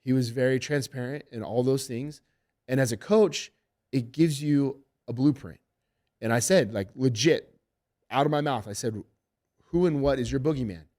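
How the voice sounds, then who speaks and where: A man's voice: medium pitch, moderate pace. A middle-aged man, a fight coach, telling stories with heavy swearing in a casual podcast interview. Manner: animated, profane storytelling. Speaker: MMA head coach.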